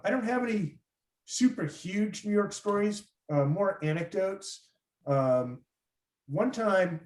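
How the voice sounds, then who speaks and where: A man's voice: a little high, darkish tone. Rambling storyteller man from Los Angeles. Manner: rambling, many fillers and restarts. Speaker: storytelling show host. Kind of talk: live personal storytelling. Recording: roomy echo.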